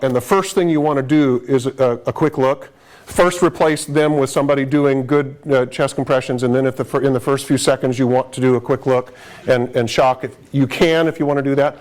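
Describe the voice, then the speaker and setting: A man's voice: medium pitch, moderate pace. A man giving a conversational live lecture to paramedics, stressing key points with frequent restarts. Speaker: emergency medicine lecturer.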